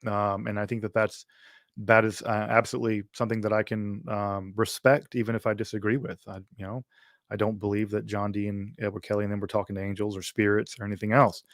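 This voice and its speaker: A man from Mississippi fields questions on a livestream. His voice sits low and is close-miked with a dry sound. He thinks aloud, with plenty of fillers and restarts. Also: level tone, fast, no echo. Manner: thoughtful, many fillers and restarts. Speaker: host answering viewer questions.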